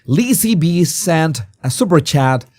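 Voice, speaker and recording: A hoarse man, hosting a live-stream commentary and talking animatedly with rhetorical questions. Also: a little high, animated, measured pace, darkish tone. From Venezuela. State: hoarse, sore throat. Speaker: host.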